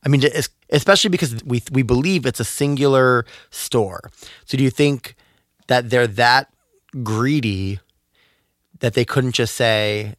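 A man co-hosting a podcast in casual chat, musing and asking questions, slowing down to draw out details. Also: mid-range voice, a bit bright, no echo, studio quality. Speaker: podcast co-host.

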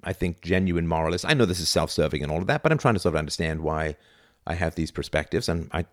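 Deep-voiced blunt man lecturing. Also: quick pace, dry recording, clean studio sound. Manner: opinionated and blunt, with emphatic pitch jumps. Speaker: philosophy lecturer. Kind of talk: unscripted spoken lecture.

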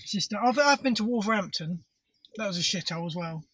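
High, bright, husky bloke. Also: male voice, animated, brisk, no echo, poor audio. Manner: blunt, sweary banter. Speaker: podcast co-host. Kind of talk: casual chat.

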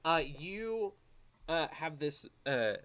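A man's voice: on the high side, slow. Guy gm narrating a tabletop game, rambly, lots of ums. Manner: relaxed and rambling, with many fillers. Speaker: game master.

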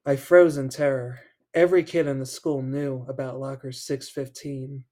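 A man's voice: mid-range voice, level tone, moderate pace, dark tone. A man hosting a podcast, reading a children's horror book aloud and breaking off for joking asides, laughing between passages. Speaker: podcast host.

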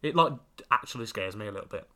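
Male podcast co-host, casual and rambling, low but bright voice. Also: animated, fast talker. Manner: rambling storyteller, many fillers. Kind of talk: casual chat.

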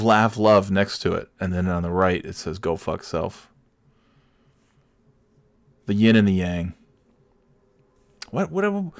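A man's voice: on the low side, dry recording, studio quality. A middle-aged man hosting a podcast, ranting alone in a sarcastic, profane way. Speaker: podcast host. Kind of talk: solo comedic rant.

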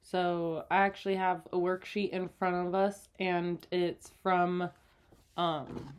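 A woman's voice: lowish voice, fairly even intonation, slow. A woman co-hosting a casual couple's podcast, chatty and giggly with lots of fillers. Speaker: podcast co-host.

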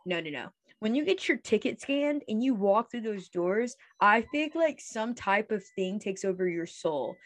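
Young woman, podcast co-host, casual chat, rambling rants, middle pitch. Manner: rambling, animated ranting with quoted voices.

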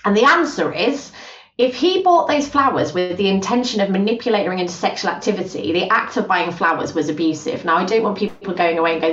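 A woman, a guest on a podcast, talking in a lively conversational way and acting out quoted voices. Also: mid-range voice, a little fast. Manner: animated, acts out quoted voices. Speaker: podcast guest, gender justice specialist. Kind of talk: conversational interview. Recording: roomy, distant, dull podcast audio.

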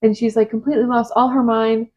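A woman's voice: a little high, flat delivery, quick pace, darkish tone, muffled recording. A woman co-hosting a casual podcast, recapping a film's plot in a chatty, conversational way. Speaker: podcast co-host. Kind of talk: casual movie review chat.

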